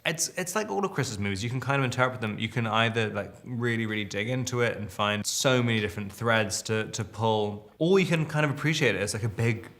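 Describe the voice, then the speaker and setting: Gravelly, bright-voiced man reminiscing. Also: medium pitch, expressive, a little fast, hardly any pauses. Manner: rambling and self-amused, with frequent restarts. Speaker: actor being interviewed. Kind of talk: interview about his film roles.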